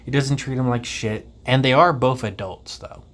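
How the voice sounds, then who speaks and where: A man's voice: medium pitch, normal speed, fairly bright tone. A man giving a casual spoken film review, rambling and offhand with plenty of ums and casual swearing. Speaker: movie reviewer.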